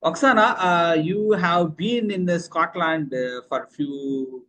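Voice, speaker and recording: Guy host asking questions, lots of uhs, voice on the higher side. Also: slow, pushed and bright. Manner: hesitant, many uh fillers. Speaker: interview host. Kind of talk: interview questions.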